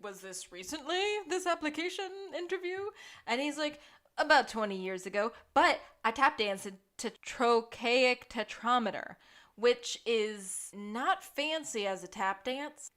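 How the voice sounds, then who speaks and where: A woman co-hosting a rewatch podcast, chatty and quick to laugh, with a voice pitched slightly high. She recaps scenes casually and often stops to explain side details. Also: animated, fairly bright tone. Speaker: podcast co-host.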